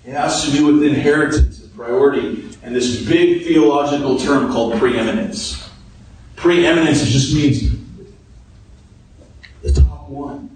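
A man's voice: mid-range voice, a little slow, long pauses, a little mellow. A man preaching a sermon in a casual, storytelling way, explaining scripture. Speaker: pastor. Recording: echoey room from far off, faint noise.

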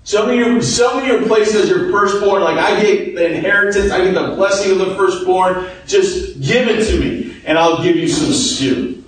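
A scheming young man coaxes and pushes a deal, as a man acts him out. The voice sits a little high. It comes from afar in a very echoey room with faint noise. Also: normal speed, recorded from a distance, close to an everyday voice. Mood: coaxing. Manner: pushy, coaxing.

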